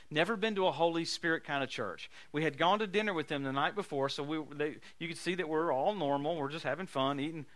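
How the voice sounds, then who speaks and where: A male preacher fills his sermon with healing stories, laughing as he tells them and breaking into sudden loud emphasis. His voice is on the high side, and the recording is dry.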